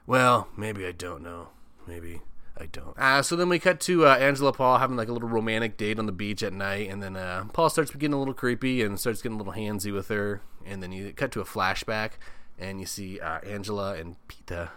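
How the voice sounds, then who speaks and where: Low-voiced man cursing through a movie recap. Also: fast talker, pushed and bright, smooth, no echo. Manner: profane, laughs often, comic asides. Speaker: podcast host.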